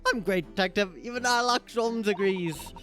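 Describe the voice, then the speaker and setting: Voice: mid-range voice, moderate pace, a bit bright, soft background music, close to an everyday voice. A streamer voicing a brash young woman detective who talks in cocky, clipped, ungrammatical bursts.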